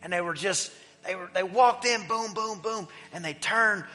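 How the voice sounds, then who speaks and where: Animated preaching man in a reverberant church. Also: high voice, normal speed. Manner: animated storyteller, swinging from loud emphasis to hushed. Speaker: pastor. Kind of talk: sermon with personal storytelling. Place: church sanctuary. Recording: long hall reverb with faint music.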